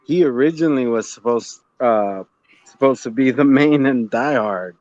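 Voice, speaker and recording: A man's voice: mid-range voice, darkish tone, no echo. Guy calling into a stream, stumbles over his words, muffled lo-fi sound, dry. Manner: halting, stammering restarts. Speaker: guest caller. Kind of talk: casual chat. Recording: dull lo-fi call audio.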